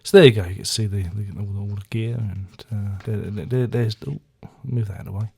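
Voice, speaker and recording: A man's voice: fairly low pitch, fairly even intonation, brisk, creaky, a little mellow, slightly rough. A man casually reviewing his record collection, rambling with dry self-mocking jokes. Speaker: album reviewer. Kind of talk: casual chat.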